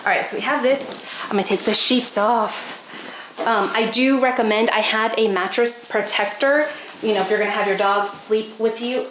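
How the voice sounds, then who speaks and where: A woman's voice: on the high side, moderate pace. Chatty woman vlogging in an echoey bedroom. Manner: chatty, talks to her dogs in a bright coaxing voice. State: a bit out of breath from chores. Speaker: pet vlogger. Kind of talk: casual vlog chat while doing chores. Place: bedroom at home. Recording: echoey room, faint noise.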